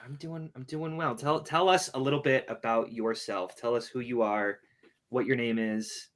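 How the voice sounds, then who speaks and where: A man's voice: medium pitch, fairly even intonation, moderate pace, a bit bright. A young man hosting a livestream, joking crudely and mocking himself in casual banter. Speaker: livestream host.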